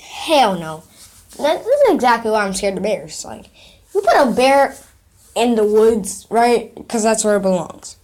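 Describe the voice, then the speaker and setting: A woman's voice: fairly high pitch, sing-song, unhurried, a little mellow. A woman vlogger in casual chat, playing sound effects from an app and reacting with giggly, playful commentary.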